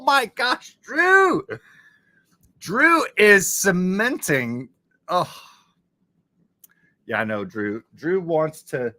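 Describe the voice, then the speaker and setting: A man chatting to his live-stream viewers with a lively voice that swings up and down in pitch. He talks in an unhurried way with a bright, forceful tone and often gets excited as he thanks people. This is casual talk straight to his audience.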